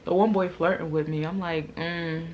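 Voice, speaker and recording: A woman's voice: normal speed, muffled recording, slight background noise. A young adult woman vlogger telling a storytime to camera in casual slang, acting out other people's lines and laughing often. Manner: animated, acts out quoted lines with big jumps in pitch and loudness.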